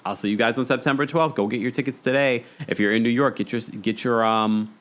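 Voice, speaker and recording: A man hosting a live recap show, chatting casually, reading out viewer comments and gossiping with animated energy. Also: mid-range voice, a little fast, a faint crowd, a little hiss or hum. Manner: animated, gossipy, mimics people in quotes. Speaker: podcast host.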